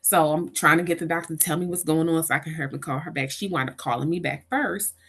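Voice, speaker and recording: A middle-aged woman with a low, quick, slightly rough voice appears as an interview guest. She tells a personal story about caregiving and animatedly acts out the voices of the people involved.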